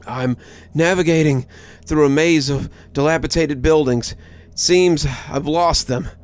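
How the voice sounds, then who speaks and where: Guy putting on a jumpy young soldier, scared, voice pitched up high and tense on the radio. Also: measured pace, no echo, lightly acted. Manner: nervous, urgent radio reports. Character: frightened young male army private.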